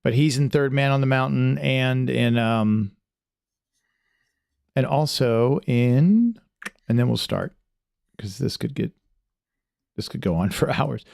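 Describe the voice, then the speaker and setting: A man's voice: medium pitch, slow, vocal fry, long pauses, a little mellow, no echo, studio quality. A man hosting a podcast in casual chat, rambling with many restarts and fillers in a friendly, chatty way. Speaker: podcast host.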